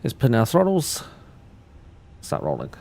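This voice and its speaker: A man's voice: medium pitch, huge pitch swings, unhurried, darkish tone. A man livestreaming, talking through cockpit steps and chatting loosely with his viewers, often restarting his sentences. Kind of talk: casual livestream commentary.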